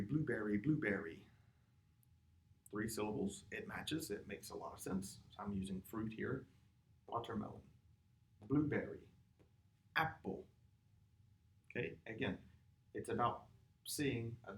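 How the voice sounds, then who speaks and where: A man's voice: on the low side, a little hiss or hum. A man teaching a music lesson, patiently explaining rhythm and counting beats and chanted words aloud. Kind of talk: classroom lesson. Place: classroom or studio with a board. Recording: echoey room.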